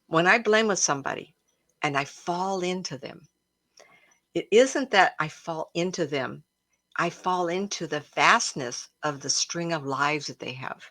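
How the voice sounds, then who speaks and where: Chatty emotional woman, low voice. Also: a bit bright, no echo. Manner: emotional, chatty, addresses viewers as everybody. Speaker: psychic medium hosting a live stream. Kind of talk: casual storytelling to a live audience. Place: home, a cat jumping around.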